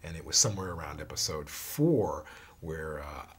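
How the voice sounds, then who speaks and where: A man, an actor, telling a story in an interview, halting and repeating words, sometimes dropping to a hush. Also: rumbling low, lively intonation, husky.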